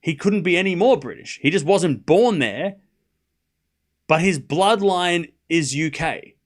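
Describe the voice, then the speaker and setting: Here an Australian tennis streamer keeps a measured pace, his voice on the high side. He still rants mockingly and casually, animated as he speaks directly to viewers.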